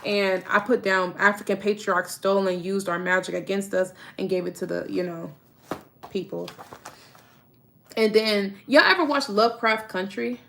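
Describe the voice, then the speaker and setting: Excitable young woman talking books. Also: mid-range voice, normal speed, gravelly, a little hiss or hum. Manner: excitable, reads aloud then riffs, laughs often. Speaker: book-discussing content creator. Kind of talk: casual book talk to viewers.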